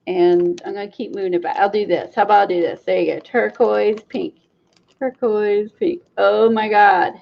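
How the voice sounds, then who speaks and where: A woman hosting a craft livestream, chatting excitedly to her viewers as she works. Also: mid-range voice, gravelly. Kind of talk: casual livestream demo chat. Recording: dull lo-fi livestream audio.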